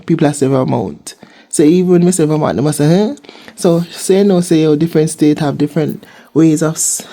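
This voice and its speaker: Speaking low with a dark tone, a young woman with a Jamaican accent rambles casually in a vlog filmed in her home kitchen. She repeats herself often. She is a vlogger who also does seasonal work.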